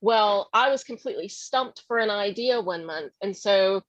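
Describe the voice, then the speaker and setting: A woman's voice: mid-range voice, normal speed, no room sound. A woman author on a convention panel, talking casually with lots of fillers and hedges. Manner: rambling, with many fillers and hedges. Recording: dry, slightly muffled audio.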